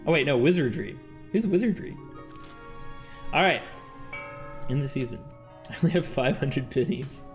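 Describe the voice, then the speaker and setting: A man streaming a strategy game, excitable and laughing as he reads the game text aloud and reacts. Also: medium pitch, moderate pace, pauses often, faint music behind. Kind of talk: game-playing commentary.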